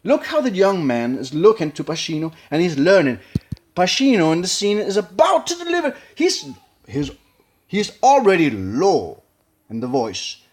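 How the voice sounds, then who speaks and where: Halting man with a Spanish accent. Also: high-pitched, huge pitch swings. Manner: halting, searching for words, breaking into impressions. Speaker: acting learner. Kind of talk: casual analysis of a film scene.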